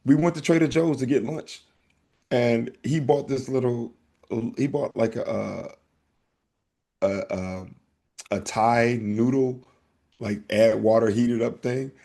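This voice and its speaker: A husky-voiced man hosting a podcast at a mid pitch. He tells a story in an animated, conversational way, acting out both sides of the exchanges. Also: slow pace, long pauses. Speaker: podcast host. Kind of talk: casual podcast chat.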